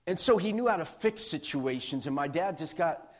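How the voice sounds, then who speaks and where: Brief: middle-aged male pastor, high voice, lively sermon storyteller who laughs. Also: normal speed. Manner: animated, laughing storyteller acting out quotes.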